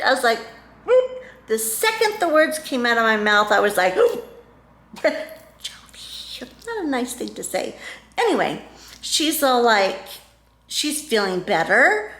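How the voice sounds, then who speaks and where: A woman's voice: mid-range voice, a bit bright. A middle-aged woman vlogger telling a story in a casual, emotional way, rambling with many restarts and fillers. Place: home room. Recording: echoey room.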